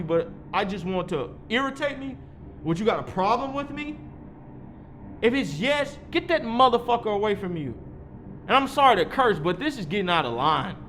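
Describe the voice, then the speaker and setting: High-voiced man ranting in his thirties. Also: fairly bright tone, a little hiss or hum. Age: 30s. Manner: heated, profane, preachy. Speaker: vlogger. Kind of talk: rambling monologue.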